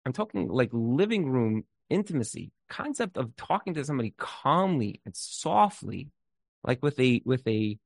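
A man with a slightly high, creaky voice gives relationship advice in an informal talk with storytelling, recorded with no room sound. He speaks earnestly and emphatically, repeats words as he thinks, and mixes in Hebrew terms.

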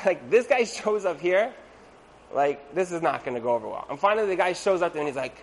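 A man giving a storytelling talk to an audience as a religious teacher, conversational and animated, acting out the people in his stories. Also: on the high side, fast, a little hiss or hum, low-quality recording. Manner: conversational, with frequent "like" and asides.

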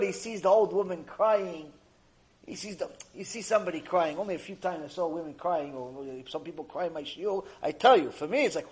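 In a rough recording, a man with a slightly high voice delivers a Torah lecture as a rabbi at a brisk pace. His storytelling is animated and repetitive, and he voices the characters in his tales.

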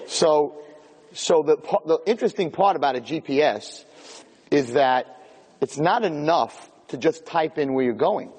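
A man's voice: a little high, a little slow, slightly rough, in a large hall. A man giving a humorous lecture to an audience, telling stories and acting out the scenes. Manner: animated storyteller, acts out scenes. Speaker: lecturer giving Torah classes.

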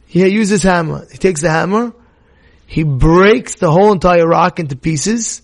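A middle-aged man giving an animated Torah sermon, dropping to hushed storytelling and then rising to shouts, with Hebrew terms mixed in. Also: high voice, fairly quick. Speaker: rabbi giving a weekly Torah talk.

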